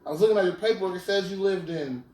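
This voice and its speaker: A podcast host in his twenties casually retells a story in slang, often asking "you feel me." His high voice races along, a little mellow, with slight background noise. The recording sounds roomy, as if from a distant mic.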